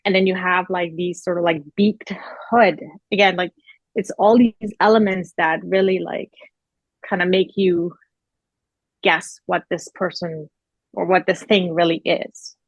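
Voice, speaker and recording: A woman's voice: fairly low pitch, steady tone, unhurried, no echo, low-quality recording. A woman working as a costume designer, chatting casually in an interview, full of filler words and easy laughs.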